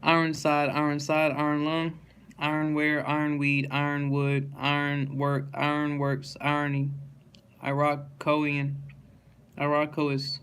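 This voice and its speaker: A man's voice: on the high side, completely flat delivery, unhurried, fairly bright tone, clear, resonant tone. A man reading a dictionary word list aloud, one word at a time, with small stumbles and restarts.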